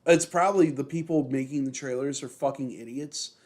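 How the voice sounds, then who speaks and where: A man's voice: mid-range voice, brisk, darkish tone. A young man co-hosting a podcast in casual chat, rambling with lots of fillers and constant swearing. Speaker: podcast co-host.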